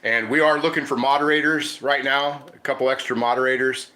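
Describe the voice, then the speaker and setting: A man's voice: mid-range voice, steady tone, fairly quick, sharp tone, echoey room, low-quality recording. A man hosting a casual cooking livestream from his home kitchen, chatting loosely and reading viewer comments aloud. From Ohio. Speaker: cooking channel host.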